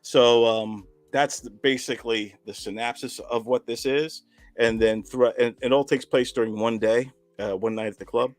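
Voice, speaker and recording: A man's voice: medium pitch, steady tone, normal speed. A man, a filmmaker and comedian, telling a rambling anecdotal story in casual chat over a video call.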